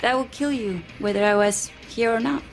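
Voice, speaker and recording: A woman's voice: on the high side, normal speed, creaky, soft background music. A woman in a sitcom, talking in a breathless, wry way. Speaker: sitcom character. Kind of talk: sitcom acting.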